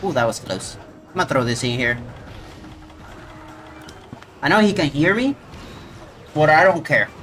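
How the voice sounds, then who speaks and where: A man streaming a video game live, reacting out loud and talking to the monster he fights. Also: on the high side, measured pace, pauses often, slight background noise. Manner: excitable, talks to the monster. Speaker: gaming streamer. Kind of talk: live gameplay commentary.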